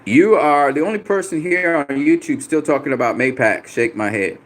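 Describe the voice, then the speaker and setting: Fielding comments live on his boxing channel, this man is combative and profane and says things twice to drive them home. He speaks at a moderate pace in a somewhat high voice.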